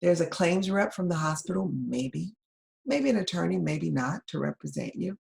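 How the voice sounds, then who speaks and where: Lower-voiced woman giving a webinar. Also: lively intonation, normal speed, creaky, darkish tone. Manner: conversational, addresses listeners directly with frequent "right?". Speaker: webinar presenter. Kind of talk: webinar lecture.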